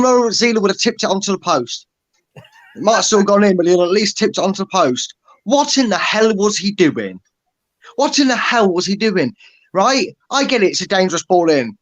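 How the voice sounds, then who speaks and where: Exasperated football fan, high voice, blunt and sweary ranting. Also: male voice. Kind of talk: angry fan rant.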